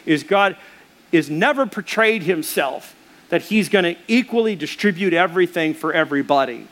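A man with a notably high-pitched voice delivers a sermon as pastor. He talks straight to the congregation, earnest and emphatic, and stacks repeated phrases to press each point home. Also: a bit bright. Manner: earnest, emphatic, addresses listeners directly; drives points home by repetition.

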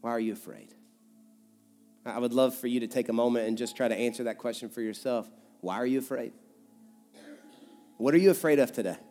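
A male pastor with a Kentucky accent preaching a conversational sermon, swinging between emphatic loud stretches and hushed ones. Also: mid-range voice, brisk, pauses often. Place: church sanctuary. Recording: church hall reverb with soft music.

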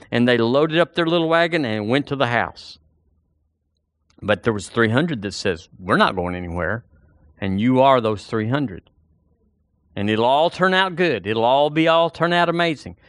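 A man's voice: medium pitch, no room sound, clean studio sound. A man preaching a sermon as pastor, folksy and full of rhetorical questions.

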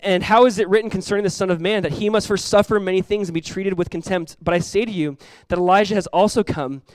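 A young man preaching a sermon as pastor, in a loose conversational way, peppered with "like" and quick acted-out quotes of Jesus and the disciples. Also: high-pitched, no room sound.

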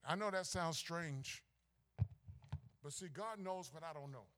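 A pastor preaching a sermon, swinging from hushed asides to shouted climaxes. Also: male voice, on the high side, expressive, unhurried, long pauses.

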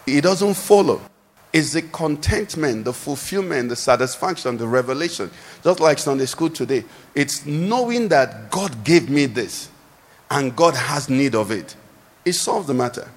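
Animated pastor in an echoey hall. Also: male voice, mid-range voice, a little slow. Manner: animated preaching with call-and-response questions. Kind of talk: sermon. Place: large church hall. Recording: echoey hall with long reverb.

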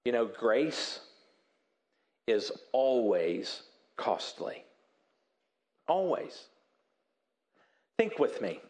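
Big pitch swings mark this pastor's mid-range voice as he preaches earnestly and emphatically, pausing for dramatic effect. Acting out quoted apologies, he goes soft.

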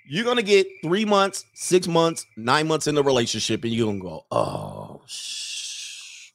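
A man's voice: fairly high pitch, moderate pace. A man hosting a livestream show, giving a mocking, profane monologue full of repeated rhetorical questions.

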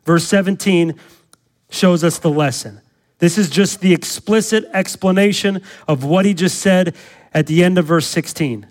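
A man preaching a sermon as pastor, his voice sitting a little higher than most men's. He presses points with urgent repetition, then drops to slow, earnest appeals. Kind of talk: expository sermon.

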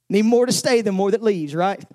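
A man's voice: high voice, a little slow, warm tone. A man preaching a sermon as pastor, openly emotional, often stumbling over and repeating words as he presses his point.

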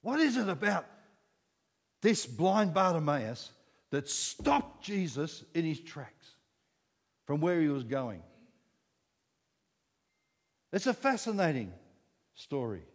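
Scottish guy in his 60s preaching, acts out the voices, high pitched, big echoey hall. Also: takes it slowly, pauses often, slightly rough. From Scotland. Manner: animated storytelling, acting out voices. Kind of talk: sermon.

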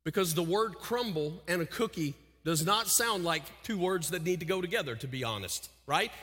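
A male preacher with a high, bright, ringing voice, taking his time over every phrase. He falls to near-hushed lows and climbs to loud, pleading cries. Long reverb trails after him through a large hall. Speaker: pastor. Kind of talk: sermon.

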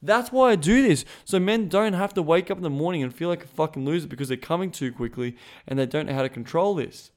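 Frank, smooth-voiced male podcast host. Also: a little high, quick pace, hardly any pauses, a little mellow. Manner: frank and profane, emphatic, with frequent restarts. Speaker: podcast host and sexuality coach. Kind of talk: casual monologue.

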